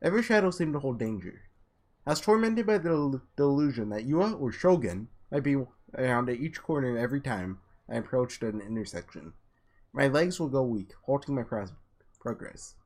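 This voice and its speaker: A man with a slightly hoarse, under-the-weather voice reads a visual novel aloud with casual asides, sometimes tripping over and restarting words. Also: mid-range voice, lively intonation, brisk, darkish tone. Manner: casual, trips and restarts words while reading. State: voice a little sick, slightly hoarse. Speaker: let's player.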